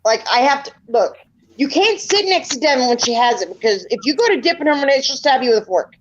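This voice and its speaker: A woman's voice: high-pitched, expressive, fast, dull audio, background noise. A middle-aged woman in casual group voice chat, telling family stories with lots of chatty asides. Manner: chatty storyteller acting out family dialogue. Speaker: panel participant.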